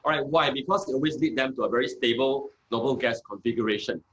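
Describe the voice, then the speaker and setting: Low-fi guest teacher, a man. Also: a bit bright, lo-fi sound. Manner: measured, many "uh" and "okay" fillers. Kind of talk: conversational explanation.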